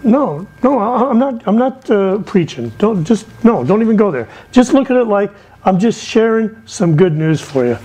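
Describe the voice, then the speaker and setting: High-pitched guy preaching, middle-aged, lots of ups and downs, tells stories. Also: normal speed, low-quality recording. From England. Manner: animated, storytelling with wide swings in pitch. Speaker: missionary speaker. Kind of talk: sermon.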